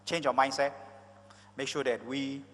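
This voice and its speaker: A man's voice: medium pitch, steady tone, measured pace, fairly bright tone. Rousing Malaysian man speaking in a hall. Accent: Malaysian English. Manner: emphatic, rousing, chatty asides. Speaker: motivational speaker. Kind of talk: live conference presentation. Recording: reverberant conference hall.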